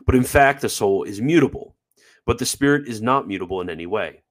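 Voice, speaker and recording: A man's voice: fairly low pitch, lively intonation, fairly quick. A man hosting a live stream, explaining quotes in a chatty, filler-heavy manner and joking about his own pronunciation. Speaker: host presenting theology quotes. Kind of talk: livestream commentary.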